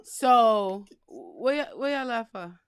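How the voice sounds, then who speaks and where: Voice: medium pitch, very animated, slow pace, smooth, dry recording, clean studio sound. A podcast co-host in teasing casual chat who laughs easily.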